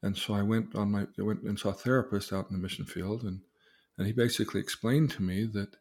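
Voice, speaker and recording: A man, a therapist, telling a client's story in casual conversation and acting out the quoted lines. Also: slightly rough. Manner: animated, acts out quoted dialogue with rising pitch. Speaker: therapist, podcast host.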